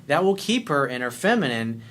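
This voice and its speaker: A man's voice: mid-range voice, very animated, normal speed, a bit bright. A man working as a dating coach, answering a listener's letter in a blunt, profane way and acting out little scenes.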